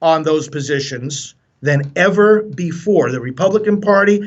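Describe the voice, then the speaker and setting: Priest guest, high male voice, impassioned and preachy, stumbling restarts, dull lo-fi sound. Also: lively intonation, moderate pace. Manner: forceful, preacherly, repeats words when starting sentences. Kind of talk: impassioned radio interview.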